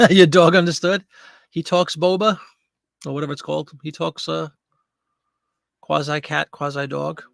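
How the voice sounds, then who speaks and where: A man's voice: a little high, steady tone, a little slow, creaky, pauses often, no room sound. A man hosting a casual live-stream from home, chatting to viewers and cooing at his pet, into a desk microphone. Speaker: online seller hosting a live listing show.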